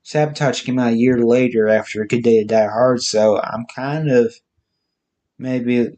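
A man giving a casual, halting spoken movie review, listing facts with frequent restarts. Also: mid-range voice, steady tone, mellow.

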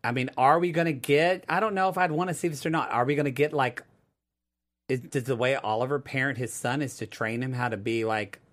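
Rambling, animated man recapping a TV show. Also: mid-range voice, brisk. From United States. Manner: rambling, animated, acts out quotes in a drawl. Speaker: co-host. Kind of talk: casual TV recap chat.

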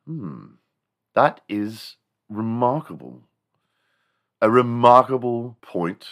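A man voicing a pompous English colonial leader in a put-on posh accent, with low, drawn-out murmurs. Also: lively intonation, a bit bright.

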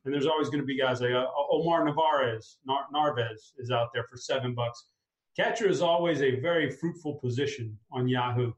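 A man hosting a casual fantasy sports chat, upbeat and talking his picks through out loud. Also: medium pitch, fairly quick, roomy sound, rough recording. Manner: upbeat, talks through a lineup aloud. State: clearing a tickle in his throat. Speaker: fantasy sports show host.

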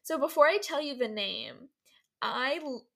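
Bubbly woman podcast host, higher voice. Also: animated, unhurried, creaky, pushed and bright. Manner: bubbly, laughs often, playful teacher act. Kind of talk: casual storytelling chat.

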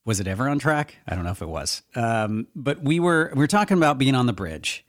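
A man from Eastern Washington co-hosts a chatty podcast. He tells his stories in a casual, animated way, his pitch rising and falling widely at a middling register, and he swears freely. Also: a little fast. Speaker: podcast co-host. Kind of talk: casual chat.

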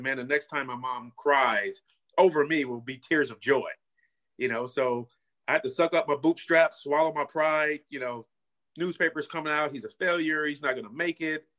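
A middle-aged man from California with a bright, forward tone recounts his past as a former football player. He talks earnestly and casually, peppering his story with "you know" and "man," at an everyday pitch.

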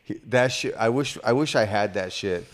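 Young man, podcast co-host, somewhat low pitch, laid-back, profane, joking. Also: normal speed. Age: young adult. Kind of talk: casual chat.

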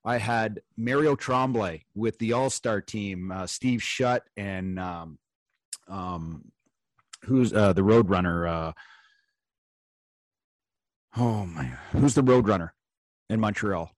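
A man hosting a podcast, a former pro hockey player telling stories in a rambling, halting way full of fillers. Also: on the low side, no echo. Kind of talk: casual chat.

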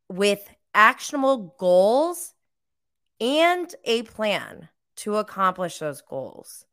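A woman's voice: medium pitch, fairly bright tone, clean tone. A woman hosting a podcast, chatting casually through a live recap with many fillers and giggles. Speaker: podcast host.

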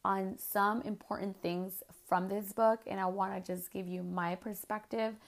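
A woman's voice: mid-range voice, level tone, a little slow, vocal fry. A woman in her thirties hosting a podcast, talking frankly in a rambling, conversational way with plenty of fillers. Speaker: podcast host. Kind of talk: casual podcast monologue.

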